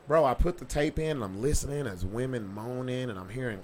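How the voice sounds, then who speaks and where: A man's voice: mid-range voice, animated, brisk, hardly any pauses, background noise. A man hosting a podcast, telling stories in casual chat with a swaggering, profane delivery. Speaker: podcast host.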